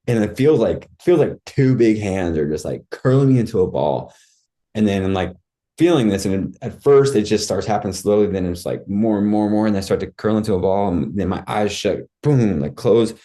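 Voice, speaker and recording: A man's voice: sits low, mellow. A man, a podcast guest, recounting a personal experience in casual, vivid storytelling, acting out his own cries and saying "like" and "dude" often.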